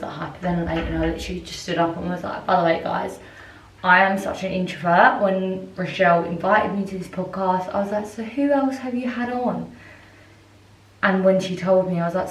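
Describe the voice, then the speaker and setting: A woman's voice: fairly low pitch, distant mic, a little hiss or hum. Young woman, casual vlog chat, rambling with lots of "like", roomy sound, a little off-mic. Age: 20s. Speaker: vlogger and brand owner. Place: hotel room.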